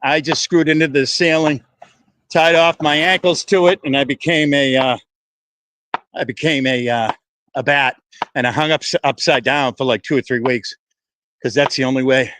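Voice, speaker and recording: A man's voice: medium pitch, fairly even intonation, normal speed, fairly bright tone. A man live-streaming while he walks outdoors, chatting loosely and profanely to his viewers and slightly out of breath. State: out of breath from walking. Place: outdoors in wind and breeze.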